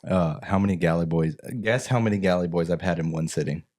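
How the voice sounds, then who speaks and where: A man, co-hosting a casual podcast and telling animated stories. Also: low-pitched, fast. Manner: animated storyteller, mimics voices in anecdotes. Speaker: podcast co-host. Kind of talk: casual chat.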